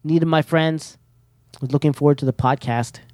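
A man hosting a casual podcast, rambling nervously with plenty of ums and jokes at his own expense. His voice sits a little high for a man, recorded dry and close to the mic. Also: fairly even intonation, normal speed, darkish tone, dry recording. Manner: nervous, self-deprecating, rambling with many fillers. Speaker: podcast host. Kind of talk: casual solo podcast chat.

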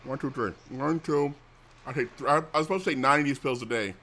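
A middle-aged man talks in a loose, rambling way, griping bluntly with plenty of swearing and false starts. His voice is bright and forceful, at a middling pitch. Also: brisk. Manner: blunt, complaining, profane, with restarts. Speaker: show host. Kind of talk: casual rambling chat.

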